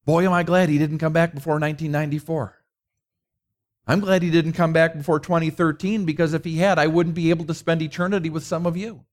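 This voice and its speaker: A man's voice: a little high, flat delivery, quick pace. A middle-aged man preaching a conversational sermon, mixing rhetorical questions with personal stories. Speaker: pastor.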